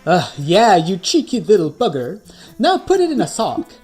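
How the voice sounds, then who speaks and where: A woman's voice: medium pitch, huge pitch swings, moderate pace, darkish tone, breathy edge, soft background music. A synthetic female voice playing a cheeky co-host with a put-on British accent. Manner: cheeky and full of slang.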